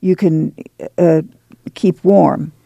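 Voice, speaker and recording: A man voicing Ma, a brisk drawling farm mother. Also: fairly high pitch, steady tone, creaky, dark tone, no echo, dull audio, full character voice. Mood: firm. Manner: brisk, commanding, folksy. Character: weary determined farm mother, middle-aged.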